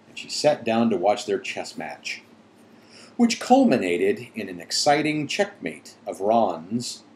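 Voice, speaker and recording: Dad reading a bedtime chapter, slow and easy, voice rises and falls a lot. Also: male voice, on the low side, a little mellow, low-quality recording. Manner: unhurried, playful, corrects his own slips with a laugh. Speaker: father reading aloud to his daughters. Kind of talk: bedtime storybook read-aloud.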